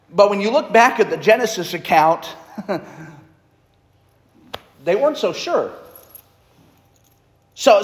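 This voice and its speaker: A man preaching a sermon in a conversational way, reading scripture aloud. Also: sits high. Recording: echoey hall reverb.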